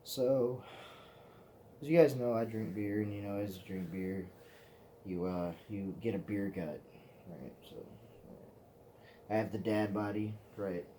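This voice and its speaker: A man's voice: fairly low pitch, measured pace, long pauses, mellow, slight background noise. A man telling rambling, profane stories to the camera in a casual vlog, often laughing at himself. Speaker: vlogger.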